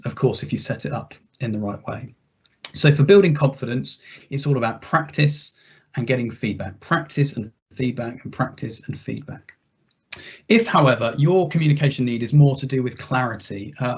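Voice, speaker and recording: Guy running a work training webinar, kinda husky, chatty, asks lots of questions, muffled audio. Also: mid-range voice. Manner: conversational, with frequent restarts and rhetorical questions. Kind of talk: webinar workshop presentation.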